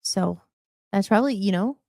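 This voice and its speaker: A woman's voice: medium pitch, normal speed, creaky, dark tone, dry recording, clean studio sound. A woman hosting a live talk show, chatting casually and jokingly as she jumps from topic to topic. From United States. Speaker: host.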